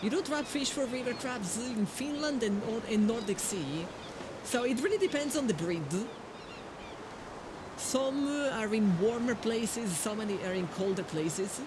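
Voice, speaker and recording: A woman's voice: a little high, expressive, unhurried, noisy background. A woman with an Italian accent giving playful, joking live-stream commentary to her chat while playing a game. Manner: playful, jokey, addresses chat.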